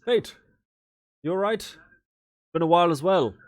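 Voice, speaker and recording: A man's voice: lowish voice, very fast, darkish tone, lightly acted. Give me a man voicing an anxious fatherly adventurer, flustered and hesitant. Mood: hearty.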